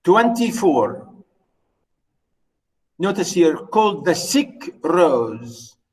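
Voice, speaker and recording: Halting, slow-talking male lecturer. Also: sits high, very animated, rough recording. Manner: hesitant, many fillers and restarts; often checks in with students. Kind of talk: unscripted poetry lecture.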